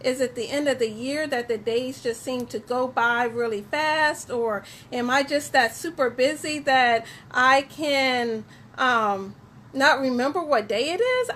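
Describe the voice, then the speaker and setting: Woman, high voice, slow easygoing delivery, cheerful live-stream host, motivational chat, repeats words. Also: fairly bright tone, a little hiss or hum.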